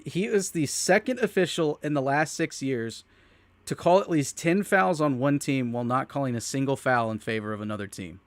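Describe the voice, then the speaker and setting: A man co-hosting a casual sports stream, telling animated stories, laughing often and trailing off mid-sentence. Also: medium pitch, normal speed, dry recording. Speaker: co-host of a sports watch-party stream.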